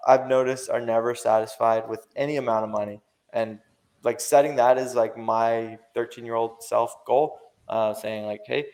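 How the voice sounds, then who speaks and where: A young man talking as a podcast guest, rambling and slangy with lots of fillers and casual swearing. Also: mid-range voice.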